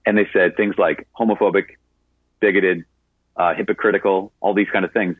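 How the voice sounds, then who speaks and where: Catholic priest, male, lower-pitched and somewhat breathy, responding to a caller on air, narrowband broadcast sound. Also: steady tone, normal speed, no room sound. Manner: conversational storytelling with frequent fillers. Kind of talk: answering a caller on a radio show.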